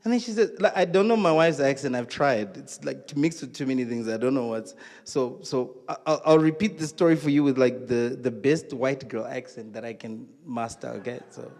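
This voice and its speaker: A man with a South African accent doing live stand-up comedy on stage, telling stories in an animated, exclamatory way. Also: medium pitch, brisk. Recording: long hall reverb.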